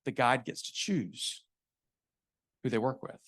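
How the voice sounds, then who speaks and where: A man's voice: medium pitch, takes it slowly, fairly bright tone. Man telling a story in a sales talk. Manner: conversational, rhetorical questions to the audience. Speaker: sales consultant giving a keynote. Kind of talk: live business talk with storytelling. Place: event venue before an audience.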